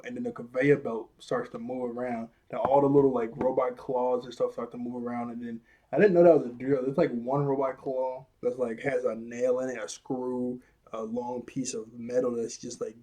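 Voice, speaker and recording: A young man casually recapping a cartoon episode, rambling and laughing often as he acts out the characters' lines in quick voices. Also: medium pitch, level tone, warm tone. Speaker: video reviewer.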